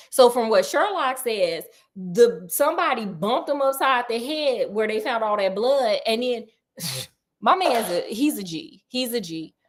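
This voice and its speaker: A woman host retelling a classic detective story in a casual, slangy, playful way with chatty asides to a friend. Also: on the high side.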